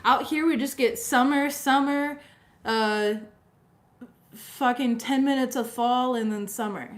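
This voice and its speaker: A woman's voice: high voice, slow. A young woman giving a casual live-streamed tarot reading, chatty and full of fillers, often checking in with her viewers. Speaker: tarot reader.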